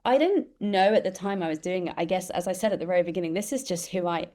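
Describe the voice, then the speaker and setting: Animated woman telling stories. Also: lowish voice, quick pace. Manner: animated storyteller, acts out quoted voices. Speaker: interview guest, empathy expert. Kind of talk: conversational storytelling.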